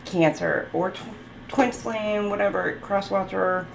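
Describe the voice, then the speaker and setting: In a roomy recording with faint background noise, a tarot reader with a creaky, mid-range voice speaks unhurriedly. Her casual reading is chatty and full of laughter as she lists the card keywords.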